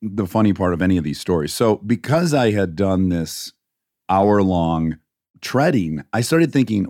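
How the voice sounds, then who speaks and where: A man's voice: low-pitched, a little slow. A man in his forties, a podcast co-host, telling stories in casual chat with lots of laughter. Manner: animated storyteller, laughs often.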